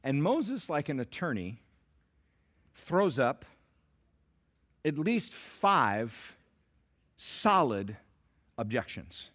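A man preaching a sermon as pastor, swinging between shouted climaxes and hushed, slow asides. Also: mid-range voice, very animated. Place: church sanctuary.

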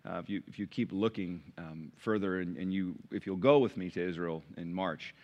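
A middle-aged man preaching a sermon as pastor, conversational and animated, with sudden high bursts. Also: normal speed. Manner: animated, conversational, sings hymn lines.

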